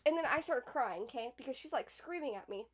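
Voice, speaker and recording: A woman's voice: sits high, expressive, fast. A young woman telling a personal story in a casual vlog, chatty and full of "like," with emphatic bursts. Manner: chatty, fills speech with "like", emphatic swings in loudness. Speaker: podcast host.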